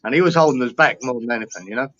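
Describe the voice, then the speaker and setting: A man's voice: mid-range voice, rapid-fire, fairly bright tone. A tired middle-aged man with a Cockney accent, chatting casually and bluntly with plenty of swearing. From London. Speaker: guest. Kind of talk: casual chat. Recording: dull lo-fi sound with faint noise.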